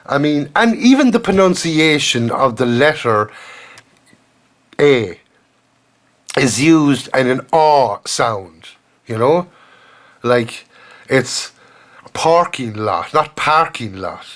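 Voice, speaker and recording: An Irish man hosting a solo podcast, talking earnestly in a rambling way, his pitch often rising. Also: animated, takes it slowly, long pauses. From Ireland. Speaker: podcast host.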